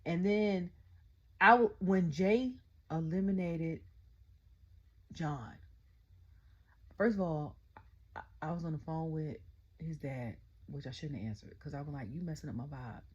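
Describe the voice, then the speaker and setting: A middle-aged woman casually recapping a wrestling event, excitable and chatty, constantly retelling her own reactions. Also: low-pitched, measured pace, long pauses, husky, muffled recording. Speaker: wrestling show reviewer. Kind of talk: casual rant-style recap.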